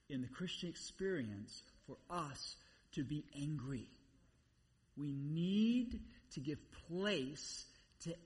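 A man preaching a sermon in a conversational, animated way, repeating phrases for emphasis. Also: on the high side. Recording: long reverb, voice somewhat far from mic.

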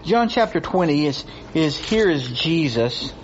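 Man, pastor, sermon, emphatic repetition, slightly high pitch, muffled lo-fi recording. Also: animated, a little slow, a little hiss or hum. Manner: rising intensity when reading scripture, emphatic repetition. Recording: dull lo-fi recording with faint ambience.

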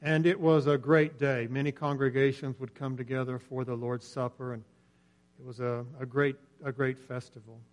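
A man preaching a sermon in earnest, swelling louder on key points and dropping nearly to a whisper. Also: medium pitch, little pitch movement, moderate pace. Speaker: pastor.

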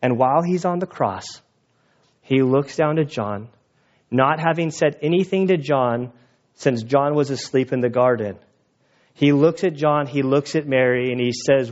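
Preaching at an outdoor church gathering, a male pastor tells stories in a conversational manner, emotional in places. The recording is muffled, and his mid-range voice is darkish in tone with a moderate pace.

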